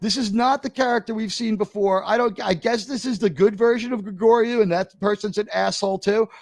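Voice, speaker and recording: High-voiced man ranting sarcastically. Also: a little fast, no room sound. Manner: animated, sarcastic ranting with swearing. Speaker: show host. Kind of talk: livestream watch-party commentary.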